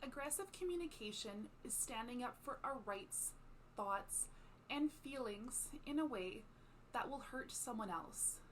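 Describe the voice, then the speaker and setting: A woman presents a scripted psychology lesson in a calm, explanatory way. Her voice sits fairly high, with a faint hiss in the background. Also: measured pace. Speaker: psychology educator. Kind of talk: scripted educational narration.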